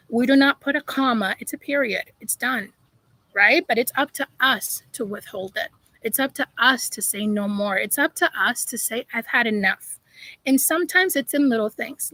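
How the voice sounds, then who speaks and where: A woman's voice: fairly high pitch, a bit bright, dry recording, low-quality recording. A woman life coach talking live to her viewers, emphatic and preachy, calling them y'all. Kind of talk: live-stream motivational talk.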